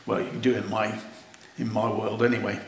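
A man preaching a sermon, slow and earnest, rising to wondering exclamations. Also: lowish voice, flat delivery. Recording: roomy echo.

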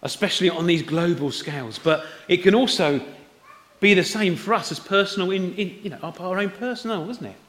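A man preaching in a church hall, his voice high for a man and bright, with long echoes trailing off the walls. He talks at an unhurried pace and keeps turning to the congregation with questions. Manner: conversational, asks the congregation questions. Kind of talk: Easter sermon. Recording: roomy hall echo.

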